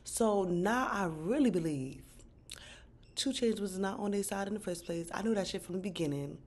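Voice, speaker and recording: Slangy, animated woman recapping TV. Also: medium pitch, moderate pace. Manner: animated, slangy and profane, with outbursts of disbelief. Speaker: TV recap vlogger. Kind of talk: casual recap commentary.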